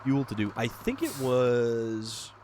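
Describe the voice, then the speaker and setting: A man hosting a livestream, chatting excitedly and answering viewers while he plays a video game. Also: medium pitch, takes it slowly, slight background noise. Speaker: livestream host. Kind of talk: casual chat while playing a video game.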